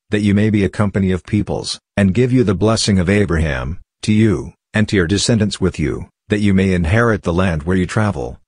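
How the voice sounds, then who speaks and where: Male scripture reader, very low voice, measured and even delivery. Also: dry recording, clean studio sound. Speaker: Bible reader.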